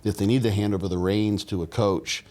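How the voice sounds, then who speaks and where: Guy on a podcast, voice a bit low, rambly, lots of restarts and little laughs. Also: steady tone, brisk, darkish tone. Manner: rambling, many restarts and fillers, laughs while talking. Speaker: podcast guest, bodybuilding coach. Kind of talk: casual podcast conversation.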